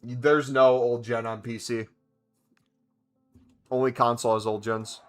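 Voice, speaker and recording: A man's voice: mid-range voice, little pitch movement, unhurried, soft background music. A man streaming a video game, chatting casually and answering viewers' questions as he plays. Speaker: gaming streamer. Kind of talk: casual live-stream commentary.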